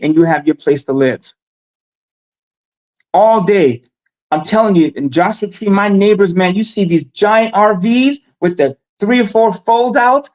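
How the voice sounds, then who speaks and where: Animated man, casual storytelling. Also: high voice, low-quality recording. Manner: animated, storytelling, emphatic asides. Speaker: guest. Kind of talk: casual live-stream chat.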